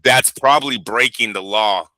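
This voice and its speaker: A man hosting a boxing show, talking in a casual, animated and profane way and rambling from point to point. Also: medium pitch, normal speed, dry recording. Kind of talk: casual chat.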